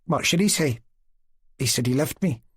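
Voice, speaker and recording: A man voicing a proud young Cossack girl who answers quietly, firmly and seriously. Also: mid-range voice, lively intonation, normal speed, slightly rough, no echo, clean studio sound.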